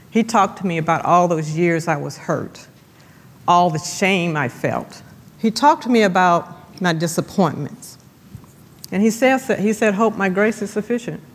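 A woman giving an emphatic church testimony, repeating phrases and slowing down for effect. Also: fairly low pitch. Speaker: guest speaker giving testimony. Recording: long church-hall reverb.

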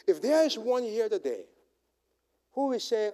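A man with a high voice preaches, his pitch rising and falling widely from line to line. He drops to near-whispers, then builds to shouted proclamations as he calls listeners forward. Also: big pitch swings, measured pace, long pauses. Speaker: pastor. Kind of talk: sermon with altar call. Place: church sanctuary.

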